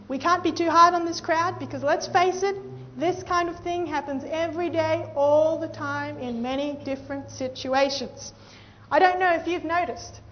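A young woman preaching with a very high voice, telling a story with animated delivery and acting out the voices of the people in it. She speaks directly to her listeners, calling them friends. The recording sounds dull and lo-fi. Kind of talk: sermon storytelling.

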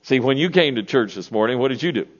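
A man's voice: medium pitch, animated, fast. Man, sixties, pastor, folksy sermon, questions to the congregation, church, muffled recording.

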